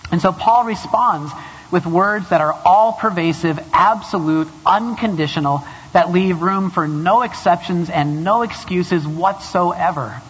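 A man's voice: high voice, fairly bright tone, slightly rough. A man preaching a chapel sermon, joking about himself before turning earnest and emphatic. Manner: self-deprecating humor, building to earnest emphasis. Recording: dull recording in a long-echo hall.

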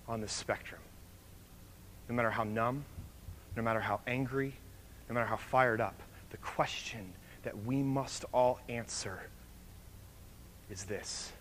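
A man preaching a sermon, telling a story with animated energy and then leading a soft, hushed prayer. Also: medium pitch, slight background noise. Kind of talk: sermon with story and altar call.

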